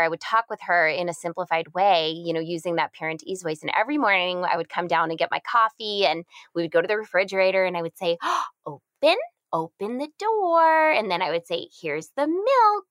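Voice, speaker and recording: A woman in her thirties giving parenting advice in a casual chat, acting out simple baby talk with big leaps in pitch. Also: a bit bright, dry recording.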